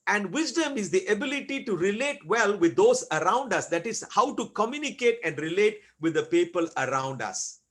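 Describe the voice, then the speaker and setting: A man preaching a sermon as pastor, asking rhetorical questions and repeating key words with slow, deliberate emphasis. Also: sits high, very animated.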